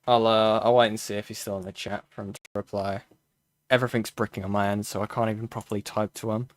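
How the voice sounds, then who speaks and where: A man's voice: fairly low pitch, little pitch movement, quick pace, dry recording. A man streaming live, reacting to a video with casual, profane asides to his chat and a co-host.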